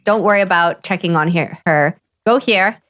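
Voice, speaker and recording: A woman streamer giving casual live gameplay commentary, excitable and gushing, often gasping and laughing. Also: on the low side, moderate pace, soft background music.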